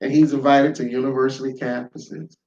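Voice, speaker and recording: A man giving an informal spoken lesson, emphatic and full of rhetorical questions, swinging between loud and quiet. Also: medium pitch, level tone, fairly quick, far from the mic. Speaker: lecturer. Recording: echoey room, dull lo-fi sound.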